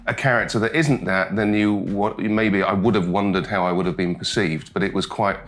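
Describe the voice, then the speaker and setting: A man's voice: on the low side, steady tone, fairly quick, fairly bright tone, faint music behind. A British man, a talk show guest, chatting casually and rambling with lots of "you know" and "like". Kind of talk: casual chat.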